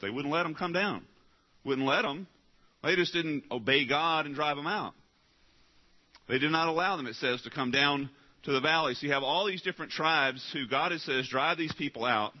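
A male pastor delivering a sermon from the pulpit. He climbs to loud, high, pleading peaks and then drops to low, hushed asides. The recording sounds dull and lo-fi. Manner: emphatic preaching, swings from loud rising pleas to low quiet asides.

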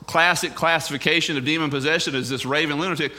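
Bright-voiced man preaching emphatically. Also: fairly high pitch, steady tone, fast talker, hardly any pauses. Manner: emphatic, conversational preaching with rhetorical questions. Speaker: pastor. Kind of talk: sermon.

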